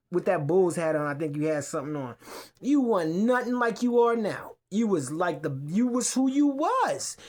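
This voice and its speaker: Rambling, profane man hosting a podcast. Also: high voice. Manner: profane, rambling, repeats himself. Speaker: podcast host. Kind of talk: casual rant to camera. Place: home man cave, sitting on a couch.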